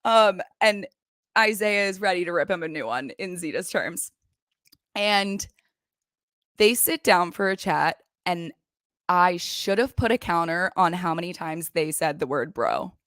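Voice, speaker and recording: A young woman hosting a casual recap show, retelling scenes in a gossipy, animated way. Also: lowish voice, measured pace, no echo, studio quality. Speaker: recap podcast host. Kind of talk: casual chat. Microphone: desk microphone.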